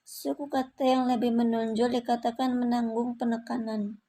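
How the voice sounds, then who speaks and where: A young Indonesian-accented woman reads her part of a class presentation in a steady, read-aloud way. Her voice sits fairly high but stays level, with a mellow, soft tone. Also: brisk, rough recording. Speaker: student presenter.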